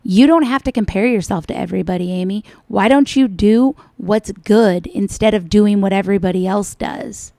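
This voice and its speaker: A woman's voice: medium pitch, normal speed, creaky, few pauses, dark tone, no echo, clean studio sound. A woman hosting reaction commentary, mocking and scolding in a sarcastic way. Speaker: commentary channel host.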